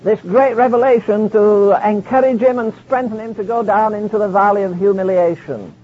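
A man's voice: sits high, steady tone, moderate pace. A man preaching a sermon, reading scripture in old King James wording. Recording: dull lo-fi archive sermon recording.

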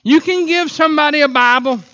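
A man preaching a sermon in a church, telling animated stories broken up by sudden whoops. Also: very high voice, brisk, lo-fi sound. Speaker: pastor. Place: church sanctuary.

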